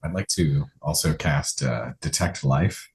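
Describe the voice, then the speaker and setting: A man playing a tabletop game, calm and deliberate, asking about the rules. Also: rumbling low, slight background noise. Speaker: player.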